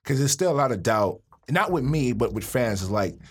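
A man co-hosting a podcast in casual chat, opinionated and animated, full of slang and repeated words when he gets going. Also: mid-range voice, moderate pace, breathy edge. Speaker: podcast co-host.

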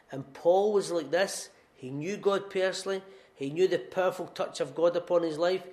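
A man's voice: on the high side, darkish tone. A middle-aged man with a Scottish accent, preaching a sermon in an earnest, emphatic storytelling way and repeating key phrases. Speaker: pastor. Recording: echoey room.

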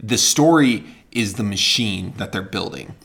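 Animated podcast cohost ranting about a movie, lots of pitch swings. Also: measured pace, gravelly. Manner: animated, worked-up critique. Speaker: podcast co-host. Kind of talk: casual movie review chat.

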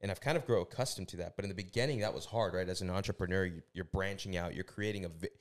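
A male podcast host with a very deep voice who talks fast. He keeps the chat loose and relaxed, swearing casually as he asks his guests questions.

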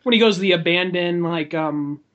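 A man's voice: high-pitched, fairly quick, fairly bright tone, highs cut off. A man co-hosting a podcast, chatting casually about movies with dry, wry humor. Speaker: podcast co-host. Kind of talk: casual chat.

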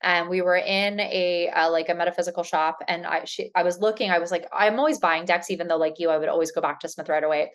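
A woman speaking in a somewhat low voice, talking freely as an interview guest. She rambles in a casual way, with many fillers and restarts. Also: fairly even intonation, quick pace, hardly any pauses. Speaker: tarot reader and author, guest.

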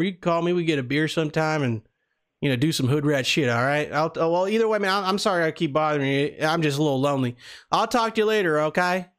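A man's voice: a little high, fairly bright tone, lightly acted. A man voicing a lonely Southern country guy who stammers and rambles on a prank phone call. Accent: American Southern (put on). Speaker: prank caller.

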